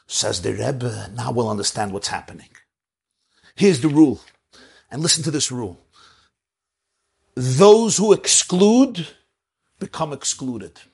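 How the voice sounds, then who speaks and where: A man teaching a Torah lecture as a rabbi, animated, swinging between soft asides and emphatic declarations. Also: mid-range voice, creaky, husky.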